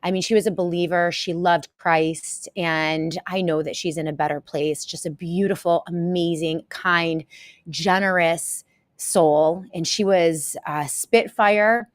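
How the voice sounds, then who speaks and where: A woman hosting a live show, talking to her viewers in a halting, emotional way and close to tears. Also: lowish voice, steady tone, dry recording. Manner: halting and emotional, many pauses and restarts. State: tearful, close to crying. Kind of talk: casual live-stream talk to viewers.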